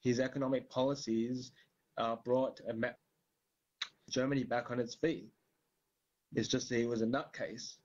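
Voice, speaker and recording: A man's voice: medium pitch, fairly even intonation, normal speed, pauses often, a little mellow. A man talking politics casually, rambling with many fillers and the odd curse word. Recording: dull lo-fi recording.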